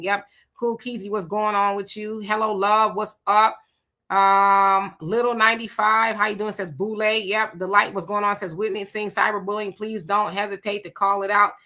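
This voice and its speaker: A woman's voice: medium pitch, fairly even intonation, normal speed, bright, forceful tone. A woman hosting a live stream, greeting viewers by name and reacting to their comments in a casual, conversational way. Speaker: livestream host reading viewer comments.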